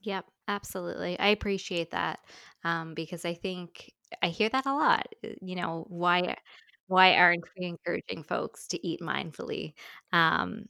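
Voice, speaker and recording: A woman co-hosts a podcast with a low, gravelly voice full of vocal fry. She talks in a relaxed, chatty way with plenty of ums. The sound is dry and close. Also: normal speed, no echo. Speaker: podcast co-host. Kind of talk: casual podcast chat.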